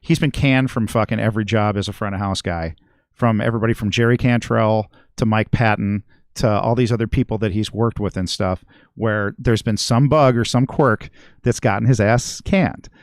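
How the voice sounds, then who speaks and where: On a podcast where he's a regular and guest musician, a middle-aged man with a voice on the low side spins a long, rambling tale full of constant swearing. He keeps a moderate pace, recorded in studio quality without echo.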